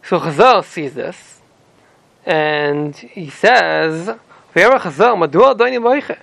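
Guy teaching torah, high gravelly voice, reads the hebrew ashkenazi style then explains it in english, dry close sound. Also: animated, slow pace, fairly bright tone, no echo, poor audio. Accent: Ashkenazi Hebrew pronunciation. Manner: reads verses in Hebrew, then retells them in plain English. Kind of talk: explaining a scripture text to a student.

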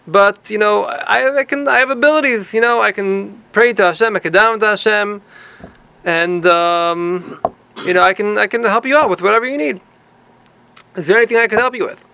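A man's voice: high voice, moderate pace, creaky, pushed and bright, clean tone, exaggerated voice. A man playing a scheming, self-satisfied rabbi who rambles and speaks in a confiding way. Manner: rambling, confiding, pleased with himself. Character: scheming, self-important older male rabbi.

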